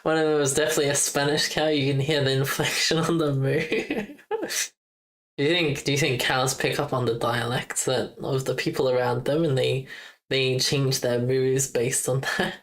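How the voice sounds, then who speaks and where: This young woman streamer talks fairly quickly in a rumbling low voice with a steady tone. During her casual live stream she's playful, giggling and joking as she repeats words from a game.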